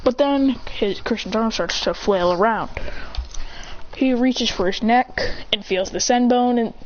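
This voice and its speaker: A woman telling an improvised fan story with excitement, acting out voices and sound effects. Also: a little high, unhurried. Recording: dull lo-fi with faint noise.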